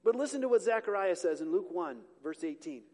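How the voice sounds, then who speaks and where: A man's voice: sits high, animated, fairly quick, a little mellow. A male pastor preaching a sermon to a congregation, conversational and joking, catching and correcting his own slips. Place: church sanctuary with a congregation. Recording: long hall reverb.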